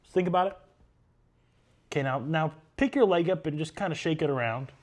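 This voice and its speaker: A man hosting a podcast in casual chat, rambling and animated as he talks straight to viewers. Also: fairly high pitch, a little fast. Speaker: podcast host.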